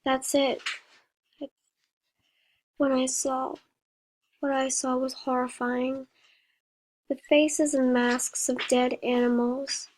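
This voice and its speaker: Woman, reading a horror story aloud, slow and even, a bit high, small slips. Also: slight background noise, poor audio.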